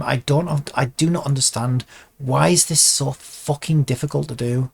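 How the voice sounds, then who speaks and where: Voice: medium pitch, normal speed, gravelly, husky. Frustrated indie dev at the keyboard: curses constantly, mutters, restarts thoughts mid-sentence. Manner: exasperated, swears constantly, muttering to self; trails off and restarts sentences while working. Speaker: game developer vlogger. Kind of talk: casual dev vlog commentary while working.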